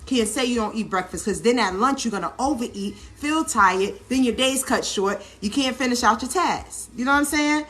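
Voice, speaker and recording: A woman's voice: a little high, moderate pace, few pauses, a bit bright. A woman vlogger and busy mom chatting casually while she cooks in her home kitchen, coaching viewers and checking in with "okay?" as she goes. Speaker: vlog host, busy mom. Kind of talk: casual cooking demo talk.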